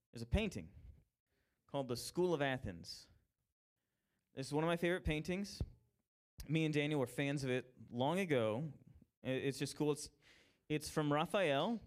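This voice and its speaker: A young man gives a casual evening sermon. His delivery is animated and conversational, with jokey asides. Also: mid-range voice.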